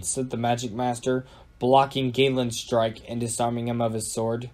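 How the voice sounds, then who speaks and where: A man narrates an audio storybook at a medium pitch. His storytelling is plain and even. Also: normal speed.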